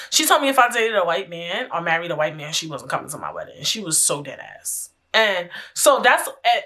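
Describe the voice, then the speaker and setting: A woman's voice: mid-range voice, pushed and bright. A young American woman hosting her own podcast, talking frankly and casually, with lots of profanity and laughter. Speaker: podcast host. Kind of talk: casual solo podcast chat.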